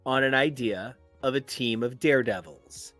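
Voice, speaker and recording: A man's voice: mid-range voice, normal speed, fairly bright tone, no echo, soft background music. A man co-hosting a comic book podcast, talking in a playful, theatrical and florid way. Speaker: podcast co-host. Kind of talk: casual comic book chat.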